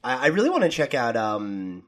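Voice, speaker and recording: A man hosting a casual games podcast, talking in an excitable way and often breaking into laughter. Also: mid-range voice, normal speed. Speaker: podcast host. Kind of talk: casual chat.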